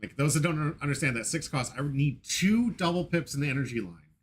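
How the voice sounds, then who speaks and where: A man giving casual, excitable commentary on his own card game match, laughing and playing up mock outrage. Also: a little high, fast, a little hiss or hum.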